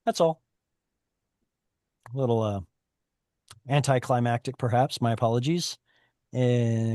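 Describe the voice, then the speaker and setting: A man's voice: mid-range voice, darkish tone, no echo, studio quality. A man teaching a Hebrew reading class over a video call, explaining at length and correcting himself often. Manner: explanatory, self-correcting, chatty.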